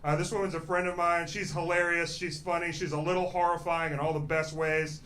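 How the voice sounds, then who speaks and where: A man's voice: on the high side, fairly quick, very noisy. A man hosting a comedy night and telling a story on stage, acting out the people in it. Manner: animated, acts out quotes. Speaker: host. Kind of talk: stand-up storytelling. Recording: live club, loud crowd.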